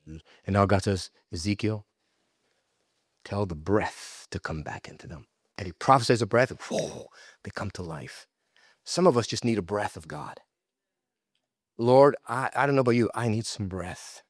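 A man preaching a sermon as pastor, lively and conversational, acting out quoted voices and dropping casual asides. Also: fairly low pitch, no echo, clean studio sound. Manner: animated preaching, acts out God's voice in quotes; loose, conversational asides and restarts.

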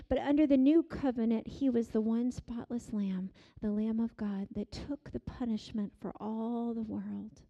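Woman pastor, middle-aged, high voice; dynamic sermon delivery with hushed and soaring emphatic moments. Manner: dynamic preaching, swings from hushed to loud emphatic peaks.

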